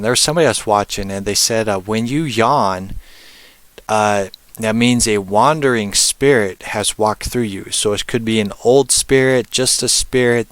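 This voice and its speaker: A man with a somewhat low, smooth voice gives a casual spiritual presentation. He rambles, often pausing on fillers and checking in with tag questions. The sound is close and dry. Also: fairly bright tone, dry recording. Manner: rambling, frequent "um" and "right?"; puts on brief high voices for spirits. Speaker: spiritual teacher.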